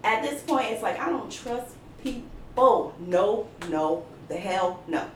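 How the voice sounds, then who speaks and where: A woman in her thirties tells a story in a casual podcast chat, her voice lively and swooping. She talks in an animated way and curses freely. The echoey room and distant mic make her sound roomy and set back. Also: medium pitch, takes it slowly, slight background noise. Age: 30s. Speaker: podcast guest.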